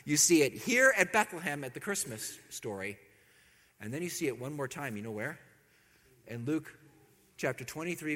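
Animated male preacher in an echoing church. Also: a little high. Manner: animated, humorous, full of rhetorical questions. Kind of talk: sermon.

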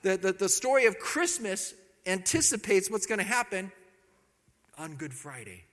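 A man preaching a sermon, animated and joking, peppering his congregation with rhetorical questions. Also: high-pitched, moderate pace, in a large hall.

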